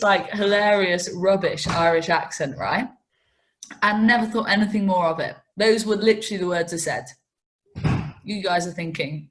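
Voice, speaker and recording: A woman, a racing TV presenter telling self-mocking, animated stories in an interview. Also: medium pitch, moderate pace. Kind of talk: interview anecdotes.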